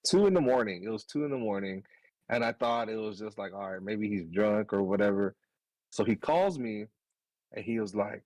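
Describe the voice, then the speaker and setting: A man in his thirties, a podcast co-host, telling a story in casual chat, animated, swearing and laughing as he goes. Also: on the low side, normal speed, no echo, rough recording.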